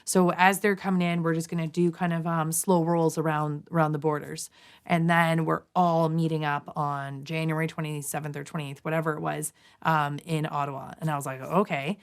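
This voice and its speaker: A woman's voice: sits low, little pitch movement, moderate pace, clean tone. A woman from Canada, in her thirties, telling a long personal story in a casual interview, full of fillers, restarts and quoted asides. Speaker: guest, nurse.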